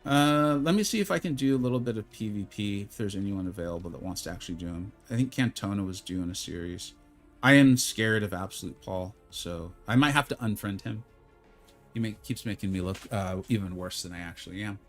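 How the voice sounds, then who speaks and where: A man streaming a mobile fighting game live, chatting casually with his viewers, joking at his own expense, and sometimes slipping into a mock infomercial pitch. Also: brisk, soft background music. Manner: chatty, self-deprecating, bursts into mock infomercial hype. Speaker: gaming streamer.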